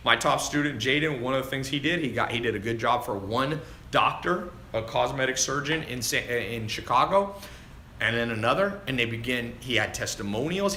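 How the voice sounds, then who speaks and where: Male livestream coach, casual and chatty, forceful bright tone, faint background ambience. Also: mid-range voice, a little hiss or hum. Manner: animated and chatty, calls listeners dude and man. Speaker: online business coach answering live viewer questions. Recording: roomy echo with faint ambience.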